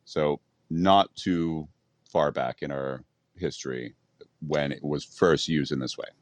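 A man co-hosting a casual podcast, reading history notes aloud in a halting way. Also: rumbling low, no echo. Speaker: podcast co-host.

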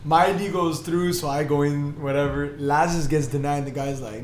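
A young man co-hosting a podcast, telling a story in a casual, animated way, full of swearing, acting out the people in it. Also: on the high side, normal speed, echoey room, a little hiss or hum. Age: young adult. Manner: animated, swearing, acts out bouncers. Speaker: podcast co-host.

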